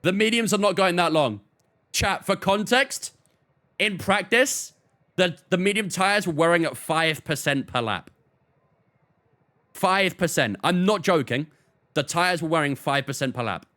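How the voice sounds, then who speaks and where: A man's voice: sits high, animated, unhurried, pushed and bright. A man streaming a racing game, chatting casually with his viewers. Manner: chatty, talks to chat, often laughs off.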